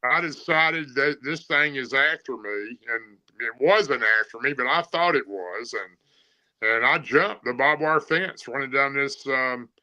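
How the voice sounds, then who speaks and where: A guest recounts an encounter in plain-spoken, rambling casual storytelling packed with fillers. His medium-pitched voice is bright and forceful at a measured pace, though the recording has its highs cut off.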